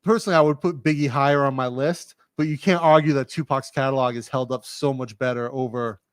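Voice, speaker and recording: A man's voice: mid-range voice, steady tone, a little fast, dry recording. A man with a New England accent, hosting a casual livestream chat in a studio, talking in a laid-back, agreeable way. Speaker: host.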